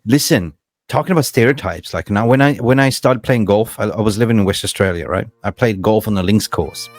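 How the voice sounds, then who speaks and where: A man's voice: on the low side, a little fast, dry recording. A man hosting a casual football fan chat, telling stories with lots of laughs and repeated words. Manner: chatty storyteller, laughs often, repeats words. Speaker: host.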